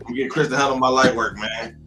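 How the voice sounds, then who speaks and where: A man's voice: medium pitch, fairly even intonation, quick pace, over loud music. A man in his thirties on a live call, firing back mocking comebacks with stammered restarts. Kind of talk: heated trash-talk argument on a live stream.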